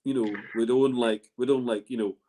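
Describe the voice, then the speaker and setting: A man's voice: mid-range voice, steady tone, normal speed, warm tone. A man hosting a whisky tasting in a casual, rambling way, full of restarts and fillers. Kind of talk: casual spoken presentation.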